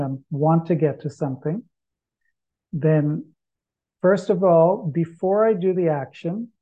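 A man chanting verses slowly, then explaining them in relaxed, anecdotal talk with non-native English phrasing. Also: on the high side. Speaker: spiritual teacher. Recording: dull lo-fi recording.

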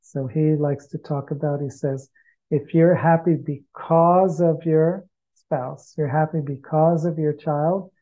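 A man chanting verses slowly, then explaining them in relaxed, anecdotal talk with non-native English phrasing. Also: a little high. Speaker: spiritual teacher. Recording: dull lo-fi recording.

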